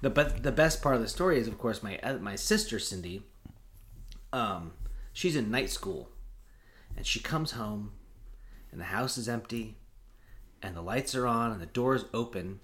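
A man's voice: mid-range voice, very animated, moderate pace, pauses often, sharp tone. A man co-hosting a podcast, telling a childhood story in casual chat, acting out quotes and laughing often. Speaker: podcast co-host.

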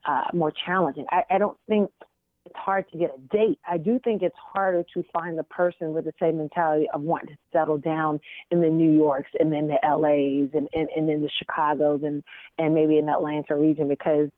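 A woman talks as a guest, chatty and animated, often restarting her sentences. Her voice comes through a thin, tinny phone line with a dry sound. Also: low-pitched, brisk, dry recording. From American South. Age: 40s. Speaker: interview guest. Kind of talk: casual storytelling chat.

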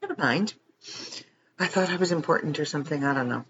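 Late at night, a tired podcast host rambles through a casual chat, cracking self-deprecating jokes and chuckling often. His voice is a little high, fast, and lively in intonation, though the audio is dull with background noise.

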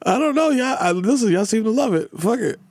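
Young male co-host, joking, profane, a bit high, dry close sound. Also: fairly quick, no room sound. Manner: loud, joking, profane, animated. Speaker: podcast co-host. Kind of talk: casual chat.

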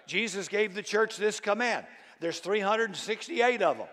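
A male pastor preaching a sermon, swinging from quiet, low asides to loud, shouted declarations. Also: normal speed. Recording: long hall reverb.

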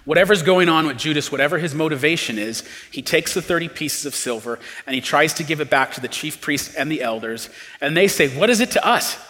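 A man preaching a sermon as pastor, earnest, rising to emphatic pleas and dropping low and quiet. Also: fairly quick, big-room sound.

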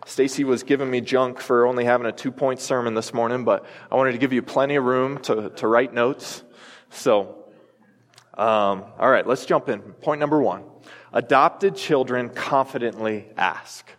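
A pastor in his thirties from the United States preaches earnestly and emphatically, using a family story to make his point. His voice is mid-range at a normal speed, and the church sanctuary gives the recording a long hall reverb.

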